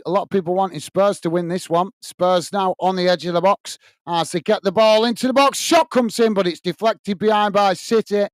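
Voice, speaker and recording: His voice sits high, clear and resonant with no echo, as he hosts a live watch-along. He narrates each play steadily and thanks viewers by name between moves.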